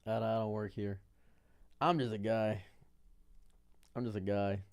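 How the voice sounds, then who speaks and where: A thirtysomething streamer from Detroit offers unscripted, casual commentary in a rambling monologue, going over things again with a baffled, exasperated air. His voice sits on the low side and is a little mellow, with fairly even intonation and a measured pace. The sound is dry and clean, studio-like.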